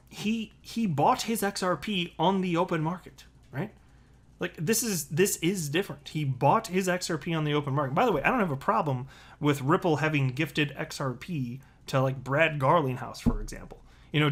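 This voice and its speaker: A man hosting a casual crypto commentary video, reading tweets and headlines with sarcastic asides. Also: fairly high pitch. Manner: sarcastic, animated, lots of asides.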